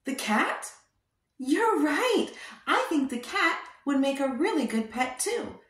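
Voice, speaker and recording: A woman leads a toddler lesson in a bright, high voice that rises and falls a great deal as she coaxes the children. She speaks very slowly and asks gentle questions. The room around her gives a noticeable echo. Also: big pitch swings, recorded from a distance. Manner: slow, sing-song, coaxing questions to a small child. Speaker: children's educator. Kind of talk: toddler lesson with sign language. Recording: roomy echo.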